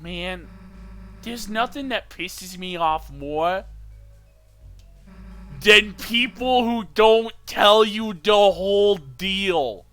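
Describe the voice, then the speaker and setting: A man's voice: sits high, very slow, long pauses, a bit bright, soft background music. A man casually rambling through his game commentary, swearing when annoyed. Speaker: let's play host.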